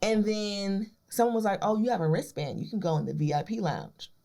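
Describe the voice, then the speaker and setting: A woman co-hosting a podcast in casual chat, telling excitable stories and swearing freely. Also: mid-range voice, fairly quick, creaky. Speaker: podcast co-host.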